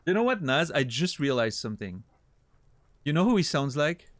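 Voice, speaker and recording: A man streaming a game, chatting casually with a deadpan sense of humor and thinking out loud. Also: fairly high pitch, moderate pace, no room sound. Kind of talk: casual gameplay commentary.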